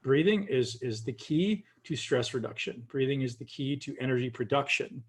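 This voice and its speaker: A man guest on a video call, calmly guiding listeners through a breathing practice and addressing them directly. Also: mid-range voice, normal speed, husky. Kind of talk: coaching instruction.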